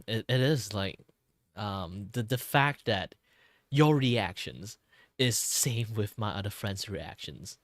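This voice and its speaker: Tired, low-voiced man chatting on stream. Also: lively intonation, measured pace, a bit bright, dry recording, studio quality. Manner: rambling, chuckling, with many fillers and restarts. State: voice worn and tired from talking a lot. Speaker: VTuber streamer. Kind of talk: casual chat with stream viewers.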